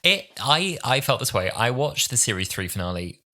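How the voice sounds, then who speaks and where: A man in his twenties co-hosting a podcast, chatting in a rambling, animated way with a stuffy nose. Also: medium pitch, normal speed. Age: 20s. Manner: rambling, filler-heavy, animated. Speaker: podcast co-host. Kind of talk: casual chat.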